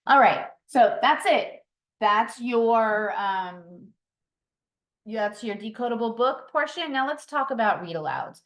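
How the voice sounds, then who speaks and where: A woman's voice: fairly high pitch, expressive, slow, a bit bright. A woman leading a training session for reading mentors, explaining routines patiently with occasional ums and self-corrections. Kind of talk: instructional training talk. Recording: roomy echo.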